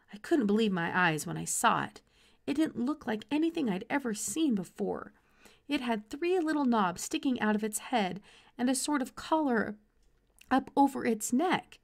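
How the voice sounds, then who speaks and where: Woman, teacher reading a children's book aloud, animated delivery, higher voice. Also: creaky. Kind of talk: storybook read-aloud.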